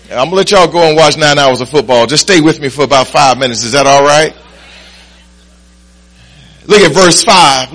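A preacher man with a high, bright, ringing voice. He works the congregation with call-and-response, sometimes low and close, often building into shouted lines. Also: low-quality recording. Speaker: pastor. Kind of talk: sermon.

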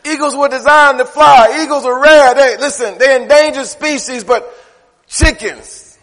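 Preaching man with a high voice in a reverberant church. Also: unhurried, fairly bright tone. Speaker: pastor. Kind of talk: sermon.

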